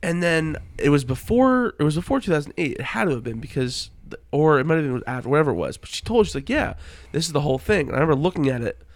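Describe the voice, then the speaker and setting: A young man from the Philadelphia area talks in casual chat, his pitch swinging widely as he pushes his point. His voice has a gravelly edge and sits a bit high for a man. The sound is dry and close. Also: fast talker, dry recording. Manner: insistent, animated storyteller.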